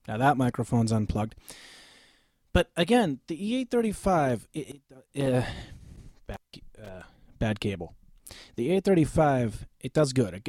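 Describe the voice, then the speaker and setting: A man with a deep voice, reviewing microphones in a casual, blunt, opinionated way, often checking in with "okay?". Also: darkish tone, dry recording. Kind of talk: casual gear review vlog. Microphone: close studio microphone.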